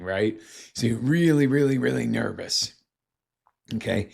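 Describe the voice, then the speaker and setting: A male motivational coach with a gravelly, fry-tinged voice at middling pitch. He talks in an animated way, jumping into quoted voices to act out everyday scenes for his listeners. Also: takes it slowly, long pauses. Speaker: life coach. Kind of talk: motivational live talk.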